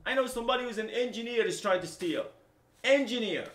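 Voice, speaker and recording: A middle-aged man, a native Arabic speaker from the Middle East who owns a software company, ranting to camera with passion, repeating himself and swinging between loud and low. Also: expressive, quick pace, echoey room. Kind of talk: unscripted rant to camera.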